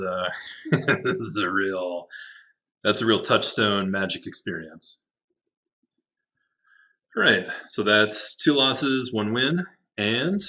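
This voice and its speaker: Brief: man in casual gameplay commentary, low voice with a bright, forceful edge, wry asides to himself. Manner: talks to himself, wry, laughs at his own jokes. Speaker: game streamer.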